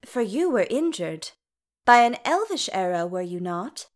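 A woman voicing a wry dwarf queen regent who speaks in a sweetly teasing, lively way. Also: mid-range voice, a little slow. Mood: gently pointed.

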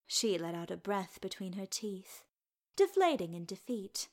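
Slow woman reading a story aloud. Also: mid-range voice, expressive. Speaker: narrator. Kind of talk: storybook reading of fan fiction.

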